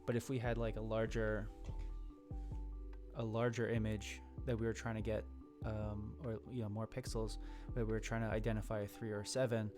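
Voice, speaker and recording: A man's voice: on the low side, little pitch movement, normal speed, over music. A young man co-hosting a casual live stream, thinking aloud about code with many fillers and restarts. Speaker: co-host.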